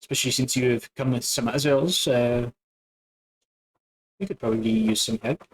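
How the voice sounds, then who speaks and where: A man voicing a weary, guarded woman in a tabletop game, who asks calm, measured questions. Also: mid-range voice, close to an everyday voice. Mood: calm, probing.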